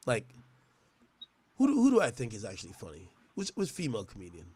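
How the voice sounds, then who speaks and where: A man's voice: on the low side, wildly swooping pitch, a little fast, warm tone, slightly rough. A man delivering a profane, mocking roast rant, often stammering and restarting his words. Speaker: internet personality. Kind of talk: trash-talking roast rant.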